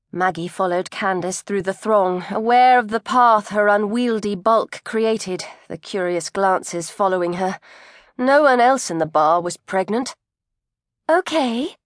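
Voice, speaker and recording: A woman narrating an audiobook in a crisp, measured storytelling voice, close to the microphone. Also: mid-range voice, no echo. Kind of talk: scripted narration.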